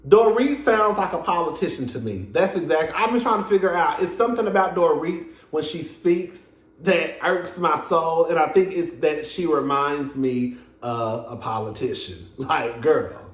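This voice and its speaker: Sassy, high-voiced man, echoey room. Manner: sassy, profane and laughing. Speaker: reality TV reviewer. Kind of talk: casual commentary.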